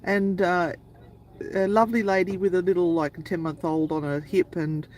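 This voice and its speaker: A paranormal channel's female co-host rambles chattily through a long travel anecdote on a casual live stream. Her voice is lowish and darkish, with fairly even intonation and a moderate pace. The recording is rough, with slight background noise.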